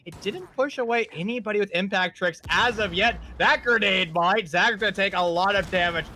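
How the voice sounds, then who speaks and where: A young man casting a live esports match, giving energetic play-by-play and joking with his co-caster. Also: high-pitched, normal speed, slight background noise.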